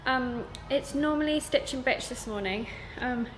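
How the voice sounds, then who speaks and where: A woman's voice: high-pitched, a little slow, fairly bright tone, slight background noise. A young woman who runs a sewing school, chatting casually to camera about her week. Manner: chatty, with many fillers. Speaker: sewing school owner and teacher. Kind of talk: casual vlog chat.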